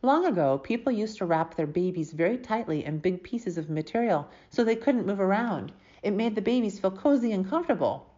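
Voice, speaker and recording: A woman's voice: medium pitch, lively intonation, fairly quick, few pauses, warm tone, highs cut off, pitched above the performer's own voice, natural voice. A woman reading a storybook aloud, voicing a patient mother who explains things to children.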